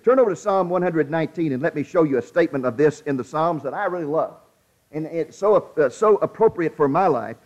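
A man preaches in a high voice, hammering his points with repetition. He slows down to quote scripture. The recording sounds a little dull and lo-fi. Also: darkish tone. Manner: emphatic, repeats lines, slows down for scripture. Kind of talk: sermon.

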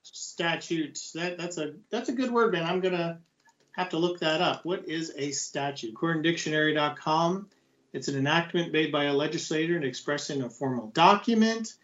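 A man's voice: a little high, moderate pace, highs cut off. A man co-hosting a Bible study program, chatting casually and teasing his partner. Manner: joking, teasing, lively.

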